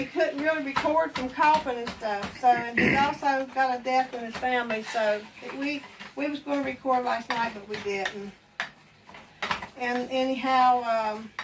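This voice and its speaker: A woman's voice: fairly high pitch, steady tone, measured pace, long pauses, far from the mic, noisy background. A woman with an Appalachian accent, hosting a home cooking show, chatting casually and rambling while she cooks in her kitchen.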